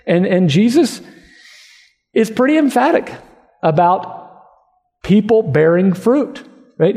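A man's voice: sits high, dark tone, in a large hall. A man preaching a sermon, earnest and emphatic as he explains scripture and reads it aloud. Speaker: pastor.

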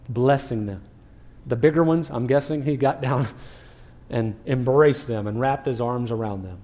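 A man who is a pastor preaching a sermon, animated, sometimes acting out what people in the story say. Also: on the high side. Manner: animated preaching, acts out quoted speech.

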